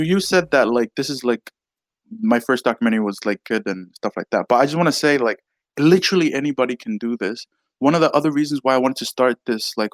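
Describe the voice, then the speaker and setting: A man talks as a documentary-maker guest on a podcast. He speaks in a casual, animated way with lots of slang, at a mid pitch. The sound is dry and close. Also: no echo. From Tonga. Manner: casual and animated, full of "like" and "dude".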